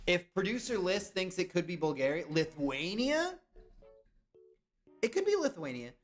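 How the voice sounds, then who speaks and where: A man's voice: sits high, big pitch swings, normal speed, faint music behind. A young man chatting casually on a live stream, guessing along with his chat and reacting to their comments.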